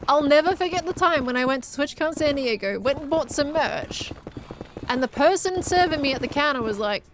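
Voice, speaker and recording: A woman's voice: high-pitched, animated, a little fast, noisy background. An Australian woman from Victoria chatting casually on a gaming live stream, laughing often and answering chat as she plays.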